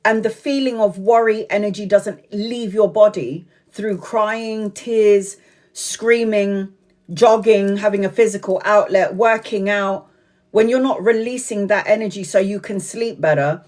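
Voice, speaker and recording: A woman's voice: mid-range voice, a little slow, darkish tone. Woman, tarot reader, live stream, blunt, swears a lot, laughs, rambling. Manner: frank and blunt, swears freely, laughs often, digresses.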